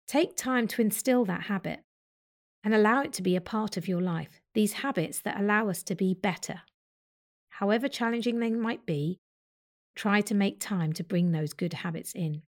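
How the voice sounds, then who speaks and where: A woman yoga teacher talking the listener through a slow breathing and movement practice, with gentle, unhurried instructions. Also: mid-range voice. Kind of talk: guided breathing meditation.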